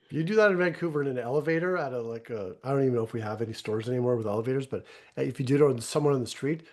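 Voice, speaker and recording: A man's voice: mid-range voice, very fast, darkish tone. A man from the Canadian prairies hosting a podcast, chatty and joking as he interrupts with asides. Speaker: podcast host.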